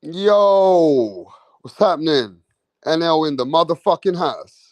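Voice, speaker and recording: A man's voice: on the high side, animated, slow pace, no room sound, dull audio. A man hosting a boxing live stream, talking casually and swearing while reading viewer comments. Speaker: boxing channel host.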